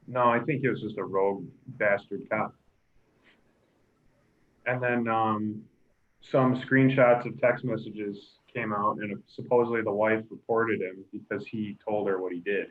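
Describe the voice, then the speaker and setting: A man's voice: lowish voice, a little slow. A man in casual chat, rambling with many fillers as he recounts events. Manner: rambling, filler-heavy, excitable. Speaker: podcast co-host. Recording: tinny phone-like line.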